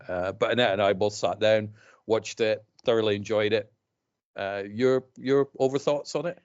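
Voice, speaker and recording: A man's voice: lowish voice, normal speed, highs cut off. A man in his fifties from Scotland with an accent mixed between Scottish and English, chatting casually as a podcast co-host and laughing often. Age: 50s. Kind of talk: casual chat.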